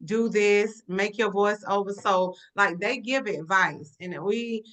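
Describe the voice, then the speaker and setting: A woman author chatting on a video call in a casual book club discussion, animated and expressive, sometimes slipping into playful voices. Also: mid-range voice, takes it slowly. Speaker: author guest.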